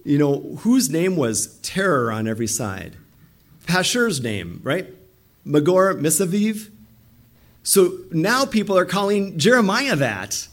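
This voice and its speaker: A middle-aged man preaching from the pulpit with real animation, his fairly high voice swooping up and down as he acts out the people in his text. He drives each point home to his congregation. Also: big pitch swings, slow pace. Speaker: pastor. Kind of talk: sermon.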